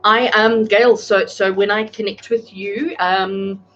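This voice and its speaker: A woman's voice: mid-range voice, fairly even intonation, slow pace, a bit bright, muffled recording. A woman giving tarot readings on a live stream, talking chattily and addressing viewers by name. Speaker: tarot reader. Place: home, speaking live to a camera.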